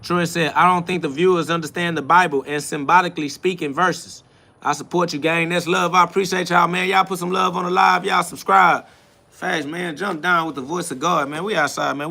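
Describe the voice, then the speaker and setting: A man hosts a livestream and preaches back at chat comments. His voice is gravelly and bright, set a little high for a man. He is defiant and repetitive and laughs often. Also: brisk. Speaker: livestream host. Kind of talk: live self-talk stream, reading and answering chat.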